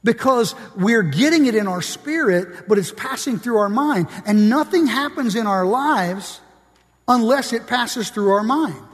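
Guy preaching to his church, reads book quotes, asks the crowd stuff, kinda high voice. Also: expressive, a little slow, big-room sound. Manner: reads quotes from books aloud, asks the congregation questions. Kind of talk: sermon.

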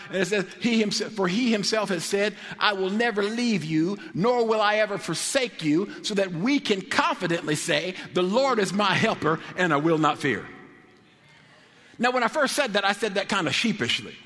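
A man preaching a sermon with rising passion, building up to shouted declarations. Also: high voice. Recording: long hall reverb.

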